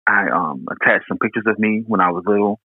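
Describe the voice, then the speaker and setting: A young man from Houston, Texas, telling a personal story in an earnest, halting way with many restarts. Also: lowish voice, breathy edge, no echo. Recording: tinny phone-like line.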